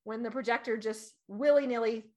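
A woman in her thirties chatting casually as a podcast co-host, animated and laughing, acting out quoted voices. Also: on the high side, a little fast, dull audio. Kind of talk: casual chat.

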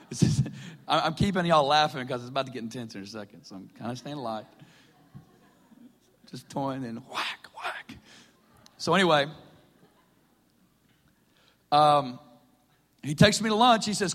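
A talkative male preacher sharing his testimony from a stage, his voice sitting a touch high for a man. He laughs often and acts out what others said as he tells the story. Long reverb trails each phrase. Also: animated, unhurried, pauses often, a bit bright. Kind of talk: personal testimony sermon. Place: stage in a hall.

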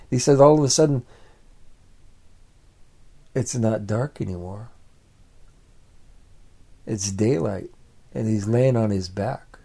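A man's voice: medium pitch, slow, creaky, long pauses, dark tone. A man telling a family story aloud in a plain, repetitive storytelling way. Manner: repetitive, building phrases. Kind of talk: oral storytelling.

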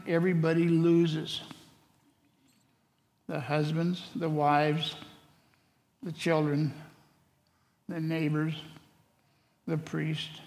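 A man teaching through a book of the Bible, reading scripture aloud in a slow, deliberate way. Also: on the high side, vocal fry, darkish tone. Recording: long hall reverb.

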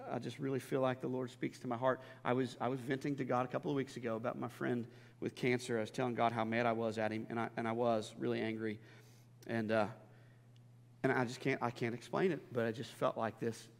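A man preaching a sermon as a pastor, impassioned and stammering over restarts, swinging between loud and hushed. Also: medium pitch, flat delivery, a little fast, creaky. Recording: long hall reverb.

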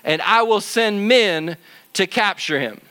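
A man's voice: sits high, animated, a little slow, pushed and bright, clear, resonant tone, exaggerated voice. A man playing a blustering, scheming king. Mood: indignant. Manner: indignant, blustering.

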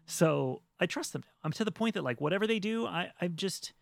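A man co-hosting a casual chat, joking and animated. His voice is gravelly and swings widely in pitch. The sound is dry and close. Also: a little fast, dry recording. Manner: animated, joking, voice jumps high when excited. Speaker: podcast co-host.

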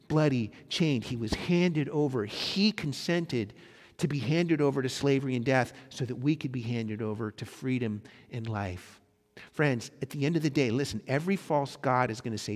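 A male pastor preaching a sermon, swinging between loud emphatic lines and soft hushed ones. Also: a little high. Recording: long hall reverb.

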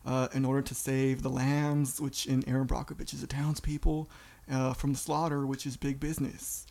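A man putting on an impression of a famous actress, speaking in a slow, lisping southern drawl. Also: medium pitch, creaky, darkish tone, husky.

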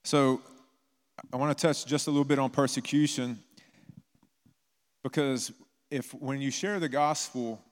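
A man's voice: mid-range voice, steady tone, a little slow, pauses often. A man preaching a sermon as a pastor, telling stories in a conversational way. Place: church. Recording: long reverb of a church hall.

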